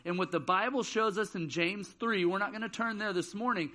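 A man's voice: sits high, fairly quick, pushed and bright. A man in his thirties giving a casual youth sermon in church, telling jokey stories. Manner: casual, joking storyteller. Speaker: student ministry speaker. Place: church auditorium.

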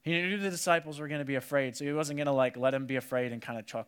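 Guy giving a chatty sermon, kinda high voice, acts out all the quotes, says like a lot. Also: rapid-fire, few pauses, clean tone. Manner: animated storytelling, acts out quotes, many "like"s. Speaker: preacher. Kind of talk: casual sermon to a youth audience.

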